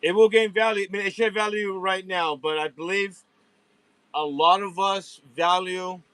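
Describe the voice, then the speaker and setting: A man's voice: high voice, fairly bright tone, clear, resonant tone, no room sound, rough recording. Chatty man hosting a live sale. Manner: chatty, hypes each pull, speaks straight to viewers. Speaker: host of a live online diecast car sale. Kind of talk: casual live-stream sales chat. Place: warehouse at night.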